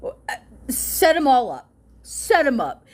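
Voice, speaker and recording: A woman vlogger with a high voice that swings widely in pitch, talking at an unhurried pace. She chats casually and swears freely, breaking into laughter in exasperation. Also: sing-song, darkish tone. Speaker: political vlogger. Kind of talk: casual reaction monologue.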